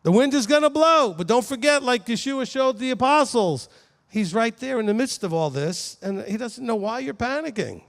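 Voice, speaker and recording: A man's voice: extremely high pitch, animated, moderate pace, gravelly. A man giving a conversational Bible teaching to a congregation, asking the audience questions as he goes. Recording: long hall reverb.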